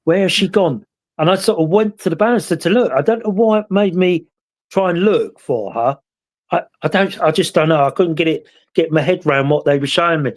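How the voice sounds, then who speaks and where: Talking fairly quickly in a slightly high voice, a British host rambles through stories during a casual chat, often pausing to reflect.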